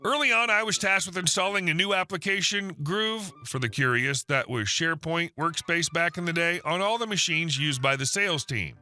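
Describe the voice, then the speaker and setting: A man narrating online stories in a scripted way, with wry deadpan asides. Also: on the high side, moderate pace, few pauses.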